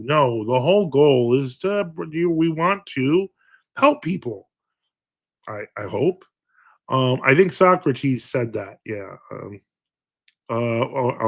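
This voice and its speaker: A man's voice: mid-range voice, a bit bright. A man, a priest hosting a livestream, chatting casually and reading viewer comments aloud, with many fillers and wry, self-mocking humor.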